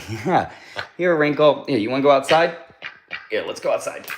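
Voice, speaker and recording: A man's voice: mid-range voice, lively intonation, moderate pace, background noise. A man hosting a casual livestream, cooing to his pet duck in baby talk and thanking viewers for their comments. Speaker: livestream host.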